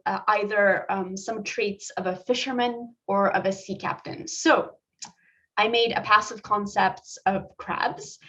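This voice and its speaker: A woman's voice: medium pitch, fairly bright tone, highs cut off. A woman concept artist giving a chatty presentation talk about her slides, full of asides and fillers.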